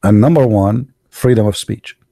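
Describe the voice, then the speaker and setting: Blunt Arabic-accented man, gravelly and dry. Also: on the low side, moderate pace, dark tone, dry recording. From Arab world. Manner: blunt, emphatic, mocking, sometimes laughing. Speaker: online show host. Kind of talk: opinionated monologue.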